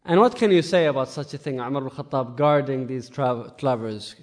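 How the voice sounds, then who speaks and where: A man telling a story as a sermon, animated and full of rhetorical questions. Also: medium pitch, a little fast. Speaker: preacher. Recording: echoey hall with long reverb.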